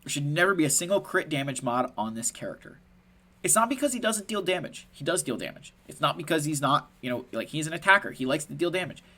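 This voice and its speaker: A man's voice: a little high, quick pace. A man explaining a strategy game in a casual, passionate commentary, emphatic and often adding "right?" as he goes. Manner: animated, laughs at himself. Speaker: gaming content creator.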